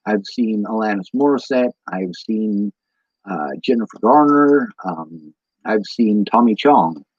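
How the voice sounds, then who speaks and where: A tired man with a Midwestern American accent wanders from tangent to tangent while talking to his stream chat. His voice is husky and the audio is dull and lo-fi. The sound is dry and close, with no room around it. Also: on the low side, animated, a little slow, a little mellow, no room sound. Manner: meandering, goes off on tangents, many ums. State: tired from lack of sleep. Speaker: livestreamer answering chat. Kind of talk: rambling casual livestream talk.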